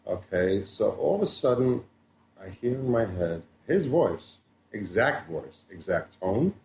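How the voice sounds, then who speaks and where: Man, radio co-host, lively pitch, storytelling, echoey room, faint hiss. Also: a little slow. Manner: animated storyteller, chuckles. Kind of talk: radio talk show storytelling.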